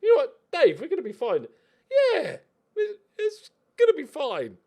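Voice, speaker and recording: A man's voice: extremely high pitch, wildly swooping pitch, moderate pace, warm tone, voice pushed up, exaggerated voice. A man putting on a camp voice for a nervous male German football fan in a game commentary. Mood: falsely cheerful.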